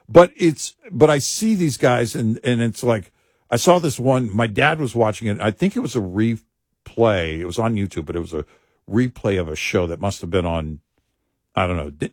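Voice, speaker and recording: A man's voice: on the low side, slightly rough, no echo, clean studio sound. A middle-aged man co-hosting a talk radio show, rambling and joking at his own expense. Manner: rambling, self-mocking, restarts a lot. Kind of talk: casual talk radio banter. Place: radio studio.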